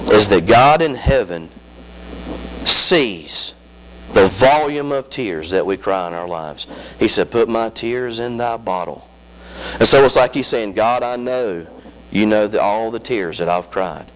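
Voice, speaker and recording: A male pastor delivering a sermon, repeating phrases in rhythmic runs and building to high, strained climaxes. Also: slight background noise, low-quality recording.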